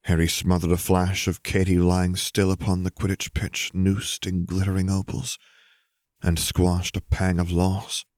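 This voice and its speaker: Man, deep voice, story narration, measured, dry close recording. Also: monotone, a little mellow, no echo.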